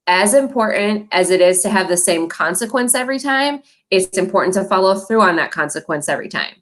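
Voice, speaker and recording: A woman's voice: lowish voice, fairly bright tone. Encouraging woman giving a parent training. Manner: friendly, encouraging, with light laughs. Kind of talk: recorded training presentation.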